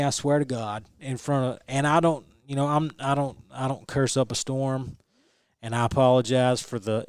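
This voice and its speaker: A young adult man, a guest telling a story in an animated, restarting way. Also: medium pitch, clear, resonant tone, dry recording, clean studio sound. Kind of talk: casual storytelling interview.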